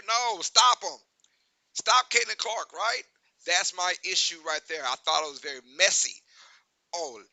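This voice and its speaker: A man hosting a sports talk show, giving animated, emphatic opinions and often asking "right?". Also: high-pitched, dry recording, low-quality recording.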